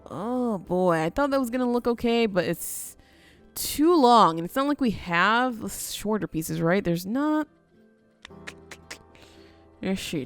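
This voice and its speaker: A woman casually narrating her building game, chatty and playful, talking to herself as she works. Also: mid-range voice. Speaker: gaming video host.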